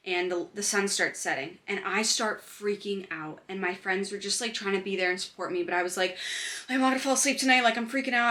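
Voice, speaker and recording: A woman's voice: mid-range voice, sharp tone. A young woman vlogger telling a personal story in a chatty way, saying "like" often. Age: young adult.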